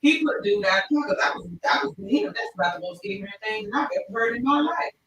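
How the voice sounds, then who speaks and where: A woman hosting a casual livestream chat show, telling stories in an animated, expressive way. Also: fairly high pitch, fast, faint music behind. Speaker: talk show host. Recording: echoey room, distant mic.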